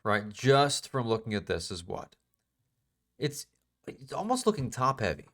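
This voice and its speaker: A man's voice: medium pitch, very animated, measured pace. A man teaching a live trading class in a casual, emphatic way, repeating phrases and asking the class questions. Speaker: trading instructor.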